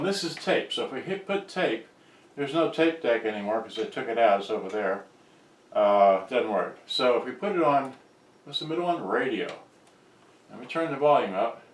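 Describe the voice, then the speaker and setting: A man explaining a repair on camera, thinking aloud in a halting, rambling way with many restarts, recorded on a handheld camera's built-in mic. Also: mid-range voice, recorded from a distance. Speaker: electronics hobbyist explaining a repair. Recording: roomy, off-mic, faint background noise.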